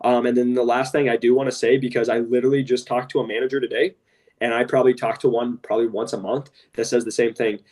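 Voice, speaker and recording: A man's voice: medium pitch, little pitch movement, fast talker, a little mellow, recorded from a distance. A man co-hosting a podcast in casual talk, blunt and impassioned, often saying "literally" and "straight up". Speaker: podcast co-host.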